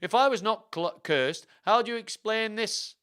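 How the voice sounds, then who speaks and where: A man voicing a scheming king in a storybook reading, loud and theatrical in his declarations. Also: high voice, moderate pace, clear, resonant tone, pitched above the performer's own voice. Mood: accusing. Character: scheming, commanding male king.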